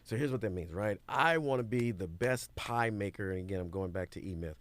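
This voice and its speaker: Lively male guest storyteller with a somewhat low voice, casual podcast register. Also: brisk, no room sound. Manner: animated storytelling, acts out quoted voices. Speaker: guest, business owner and mentor.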